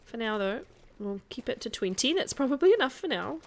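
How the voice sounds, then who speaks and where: Her voice sits on the high side with big swings in pitch, and she talks fairly quickly. She's live-streaming a video game, chatting with viewers, answering comments, and laughing often.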